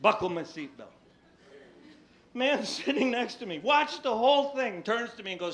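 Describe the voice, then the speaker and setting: A man from Tennessee doing stand-up, telling a long story in an animated, exaggerated way. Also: very high-pitched, normal speed, a little hiss or hum. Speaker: stand-up comedian. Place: stage before a live audience. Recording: live stage with audience laughter.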